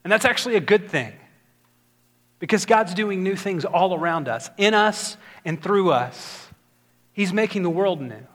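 A man's voice: sits high, animated, a little slow, fairly bright tone. A man preaching a sermon as pastor, earnest and building to emphatic exhortation.

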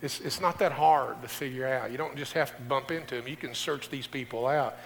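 A man's voice: medium pitch, fairly quick, gravelly, a bit bright, a little hiss or hum. A middle-aged male pastor preaching a folksy sermon, speaking directly to his congregation. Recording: distant voice in a reverberant hall.

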